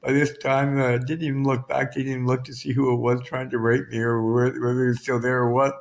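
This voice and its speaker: A man's voice: mid-range voice, little pitch movement, a little fast, gravelly. A man with a Canadian accent telling his own story in a raw, emotionally charged, profane way. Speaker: vlogger. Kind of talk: personal storytelling.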